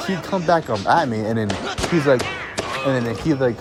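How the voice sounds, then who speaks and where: Casual male vlogger, young, exasperated storyteller with lots of restarts; animated delivery, music bed under the voice. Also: medium pitch, moderate pace. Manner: exasperated, swearing, laughing, many restarts.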